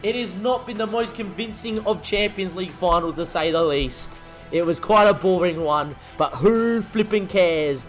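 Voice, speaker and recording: Excitable man commentating a game. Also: sits high, measured pace, faint music behind. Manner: excitable, commentating his own football sim match. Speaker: gaming YouTuber.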